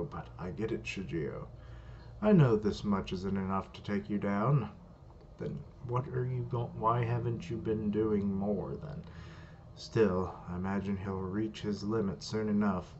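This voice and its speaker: A man's voice: fairly low pitch, darkish tone, slight background noise, lightly acted. A man voicing an arrogant male spirit posing as a god, with a slight British accent and a taunting, boastful manner, as he reads manga dialogue aloud. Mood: smug. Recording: muffled lo-fi recording.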